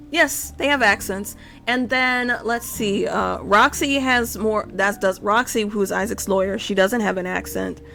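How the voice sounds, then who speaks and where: Gravelly-voiced woman streamer chatting while drawing. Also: medium pitch, fairly bright tone. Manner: rambling, self-interrupting, swears casually. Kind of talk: casual live-stream chat while drawing.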